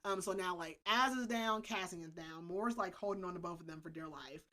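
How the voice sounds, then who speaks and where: A young woman co-hosting a podcast, recapping a novel in casual chat, animated and filling her talk with "like" and "um". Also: on the low side, moderate pace. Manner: animated, full of "like" and "um". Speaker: podcast co-host.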